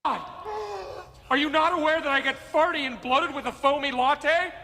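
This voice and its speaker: A man's voice: very high-pitched, moderate pace, bright, forceful tone. An actor playing a flamboyant, over-emoting man in a comedy film, swinging between exaggerated emotions. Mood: indignant. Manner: overacting, dramatic swings of emotion. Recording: movie clip with long reverb and clear noise.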